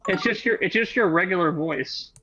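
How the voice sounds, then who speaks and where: A man's voice: high-pitched, normal speed, sharp tone, dull audio, slight background noise. Rambling man with a light Southern lilt. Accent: slightly Southern American. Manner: rambling, full of fillers. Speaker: friend on voice chat. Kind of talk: casual chat.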